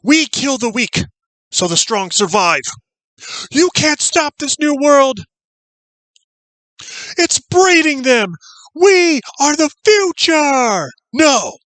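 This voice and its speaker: Creepy fanatic killer dude, sneers and hisses taunts at a cop, action movie clip. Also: male voice, extremely high pitch, big pitch swings, slow, pauses often, a bit bright, no room sound, heavily acted, poor audio. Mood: raving. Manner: sneering, taunting, drops to a hissing whisper. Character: sadistic male cult killer, fanatical and taunting.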